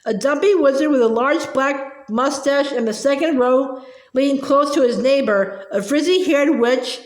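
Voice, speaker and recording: A woman reading a storybook aloud in steady, plain narration. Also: high voice, a little slow. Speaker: audiobook reader. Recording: roomy echo.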